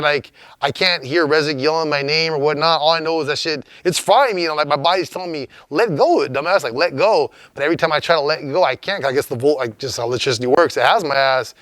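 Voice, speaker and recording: A man's voice: a little high, steady tone, quick pace, hardly any pauses, fairly bright tone, no room sound, clean studio sound. Profane, rambling man from Los Angeles. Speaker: graffiti writer. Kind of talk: casual interview storytelling.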